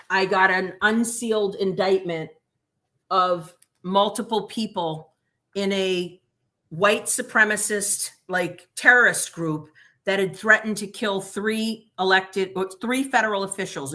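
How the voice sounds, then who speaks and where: A middle-aged woman, a former prosecutor, speaking as a guest in a livestream interview, telling stories bluntly and emphatically. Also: mid-range voice. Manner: blunt, emphatic, animated retelling with quoted dialogue.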